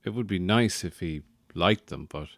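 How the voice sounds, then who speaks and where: Speaking at normal speed with no echo, a low-voiced man hosts a podcast. A new father who may be young or middle-aged, he jokes dryly at his own expense through a casual monologue.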